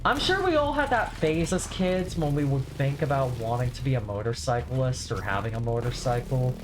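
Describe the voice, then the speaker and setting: A woman's voice: very deep voice, expressive, moderate pace, background noise. A woman giving casual gameplay commentary as a streamer, swearing and making sarcastic asides between frustrated outbursts. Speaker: gaming streamer.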